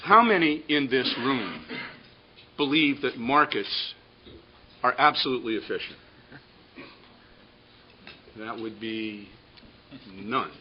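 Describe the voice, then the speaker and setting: A man moderating a panel before an audience, telling a joke and introducing speakers in a relaxed, halting way. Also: medium pitch. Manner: relaxed, with frequent ums and restarts. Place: conference room with an audience. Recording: dull lo-fi audio with faint hiss.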